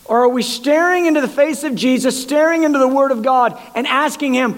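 A male preacher delivers an impassioned sermon, often doubling back and stammering on words as he presses his point. His voice sits fairly high for a man, and a long hall reverb trails after each phrase. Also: a little fast.

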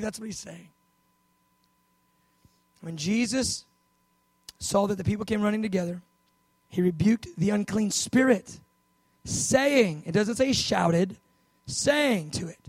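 A man preaching with a high, lively voice, acting out Bible scenes with loud bursts and soft asides. The sound is close and dry, with no room echo. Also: moderate pace. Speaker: pastor. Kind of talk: sermon.

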